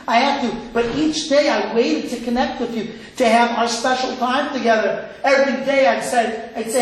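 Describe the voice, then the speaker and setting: A rabbi from Cleveland, Ohio, delivers a sermon in a very high-pitched voice, telling animated stories and acting out the voices of the people in them. The recording is low quality and heavy with reverb.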